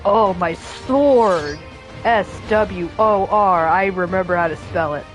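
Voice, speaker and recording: A woman's voice: mid-range voice, takes it slowly, rough recording. A woman streaming a video game in casual commentary, giggling often, swearing freely and tossing in jokey asides. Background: game soundtrack music.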